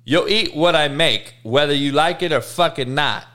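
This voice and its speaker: A man's voice: fairly high pitch, normal speed, sharp tone. A man playing a stern old-school father who barks orders and curses. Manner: barking orders, cursing.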